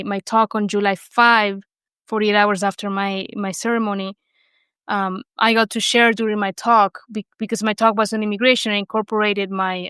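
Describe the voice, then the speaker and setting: A young woman from Argentina speaks English with a Spanish accent, her voice smooth and clear. She tells her story in an animated way, full of fillers and restarts. The sound is dry and close. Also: medium pitch, no room sound. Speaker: guest. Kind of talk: conversational interview.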